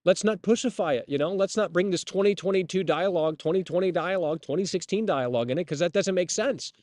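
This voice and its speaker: A man's voice: high voice, quick pace, a little mellow, no room sound, clean studio sound. A man hosting a live stream, ranting bluntly and with lots of swearing. He often repeats words and restarts his sentences. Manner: blunt, profane, opinionated. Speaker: streamer host. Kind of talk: casual live-stream rant.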